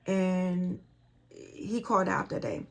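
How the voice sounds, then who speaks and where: Middle-aged woman, gravelly voice, casual storyteller who repeats herself and acts out dialogue. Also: lowish voice, slow pace. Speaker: vlogger.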